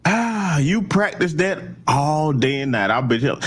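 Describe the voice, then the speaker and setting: Lively mocking male political commentator. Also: a little high, measured pace, creaky, breathy edge, faint music behind. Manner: mocking, preachy, talks back to clips. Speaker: host commenting on political clips.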